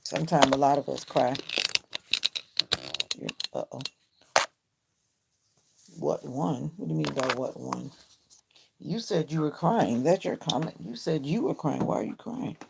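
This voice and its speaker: A woman's voice: low-pitched, measured pace, gravelly, long pauses, very noisy. A woman hosting a late-night livestream from home, praying and then chatting directly with her viewers, often repeating her questions to them. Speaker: livestream host. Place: home, lit by a ring light.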